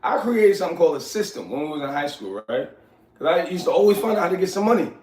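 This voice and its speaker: A man, telling stories from his youth in casual, animated talk, often asking "you know what I'm saying". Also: high voice, fast talker. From New York. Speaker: host. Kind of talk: casual storytelling. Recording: echoey room, far from mic.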